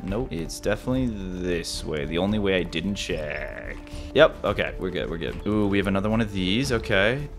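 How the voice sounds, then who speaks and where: A young man playing through a game with excitable, rambling commentary, repeating phrases and yelping at close calls. His somewhat low voice swings widely in pitch, with faint game music underneath. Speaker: gaming YouTuber. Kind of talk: let's-play commentary.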